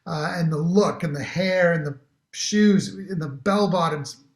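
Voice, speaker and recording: Middle-aged actor guest, eager and rambling, restarts often, heard in a roomy echo. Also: male voice, on the high side, a little slow. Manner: enthusiastic, rambling with many restarts. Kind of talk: casual interview chat.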